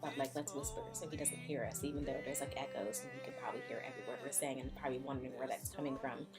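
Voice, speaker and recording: Fussy enchanted castle objects , put on by a woman, whisper to each other, urgent and hushed. The voice stays low and breathy, with clear music behind it. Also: rapid-fire.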